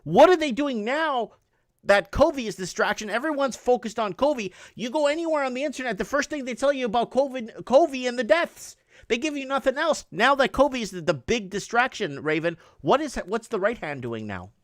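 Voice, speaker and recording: A man with a high voice hosts a casual call-in show, rambling through news headlines and pressing his points harder as he goes. The sound is dry and close, with no room around it. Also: animated, fairly quick, a bit bright, no room sound. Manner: rambling, reads headlines aloud, rising emphasis. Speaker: host.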